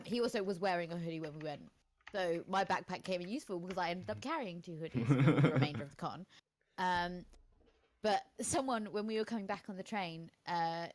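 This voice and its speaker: A British woman co-hosting a casual podcast chat, talking fast and laughing often as she retells a story. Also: fairly low pitch. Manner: chatty, laughs often, quotes people in animated voices. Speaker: podcast co-host.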